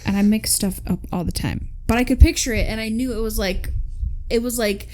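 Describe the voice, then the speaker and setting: A woman with a Midwestern American accent, chatting animatedly and loudly as a podcast co-host, swearing often. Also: a little high, fairly quick. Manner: animated, swears a lot, gets loud. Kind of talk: casual chat.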